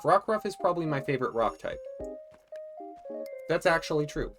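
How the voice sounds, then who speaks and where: A let's play host chatting casually and joking while playing a life-sim game, thinking out loud. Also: mid-range voice, expressive, moderate pace, long pauses, faint music behind. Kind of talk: casual gameplay commentary.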